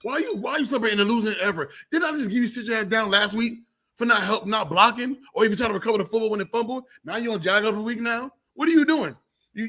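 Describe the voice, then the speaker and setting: A man riffs through casual sports talk at a quick clip, his high voice bright and forceful. He sounds animated and exasperated, breaking into laughter as he goes. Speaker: podcast host.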